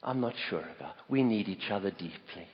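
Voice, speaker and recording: Lively South African pastor preaching. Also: male voice, low-pitched, a little fast, husky. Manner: emphatic, storytelling preacher who stresses key words. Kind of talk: sermon. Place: church auditorium. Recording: echoey hall, dull lo-fi sound.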